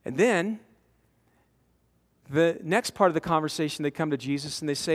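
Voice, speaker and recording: A man in his forties preaching a conversational sermon to a men's conference, animated, acting out quotes and repeating words as he presses his points. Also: a little high, normal speed, long pauses. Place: large conference hall. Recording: long hall reverb from a conference.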